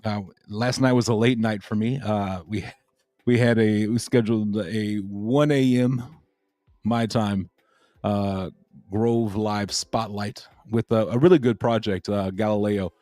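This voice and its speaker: A man's voice: lowish voice, fairly even intonation, unhurried, mellow, no room sound. A man hosting a crypto livestream, chatting casually and rambling with lots of fillers and repeated phrases.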